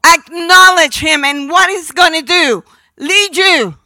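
A woman preaching a sermon, slow and emphatic, sometimes dropping her voice almost to a whisper. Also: very high-pitched, pushed and bright, dry recording.

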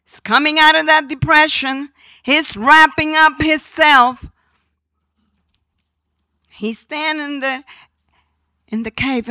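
A woman preaching a sermon, slow and emphatic, sometimes dropping her voice almost to a whisper. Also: sits high, bright, forceful tone, no room sound.

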